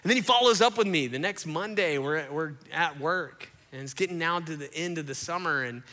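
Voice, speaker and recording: Man, pastor, animated sermon, very bright tense voice, long hall reverb. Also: fairly high pitch, fairly quick. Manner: animated, acts out quotes, addresses crowd as y'all. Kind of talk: storytelling sermon. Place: church auditorium before a congregation.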